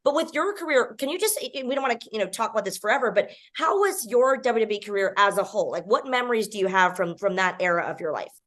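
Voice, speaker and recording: A woman's voice: medium pitch, lively intonation, fast, few pauses, a bit bright. A woman co-host and former wrestler asking a guest a question in a casual chat. She rambles, starts over and hedges before she gets to it.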